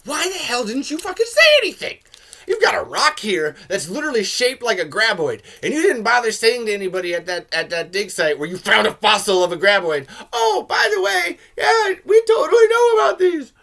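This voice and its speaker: A man rants casually about a film, swearing freely and rambling between points. His voice is bright and fairly high, and at times it jumps up into excited shouts. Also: fairly quick, vocal fry. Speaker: podcast host. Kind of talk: casual film review rant.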